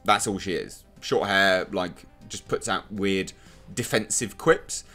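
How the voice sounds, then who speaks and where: A man's voice: deep voice, slow, sharp tone, faint music behind. A man giving a blunt, sarcastic, rambling spoken review of a TV episode. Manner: blunt, sarcastic, filler-heavy rant.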